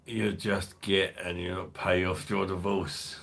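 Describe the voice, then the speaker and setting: Deep-voiced swearing man. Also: flat delivery, normal speed, gravelly, few pauses, a bit bright, a little hiss or hum. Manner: swears freely, rambling, laughs often. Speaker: beer review channel host. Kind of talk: casual livestream chat reading viewer comments.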